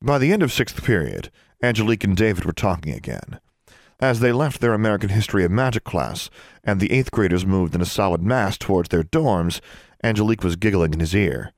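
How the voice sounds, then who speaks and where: A man with a very low voice reads a storybook aloud. His delivery is steady and measured, and the recording is close and dry, with no room sound. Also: no room sound. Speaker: audiobook narrator. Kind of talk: scripted audiobook narration.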